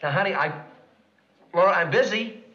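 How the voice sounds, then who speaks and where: An actor in his thirties playing a quick-witted comedy writer, bantering with exasperation in a 1960s sitcom. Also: high-pitched, sharp tone. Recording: dull 1960s TV soundtrack, studio laughter.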